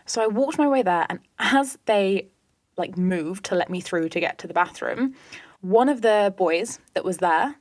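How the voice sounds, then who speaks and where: A woman hosting a podcast, telling a story in a lively, chatty way with whispered asides. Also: fairly low pitch, brisk, no echo. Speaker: podcast host. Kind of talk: casual storytelling monologue.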